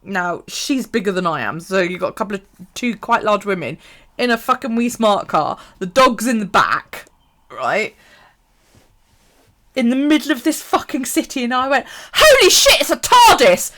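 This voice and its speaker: A woman's voice: medium pitch, sing-song, moderate pace, fairly bright tone. A woman telling a story on a casual live stream, swearing freely and laughing as she goes. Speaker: bullet journal live streamer.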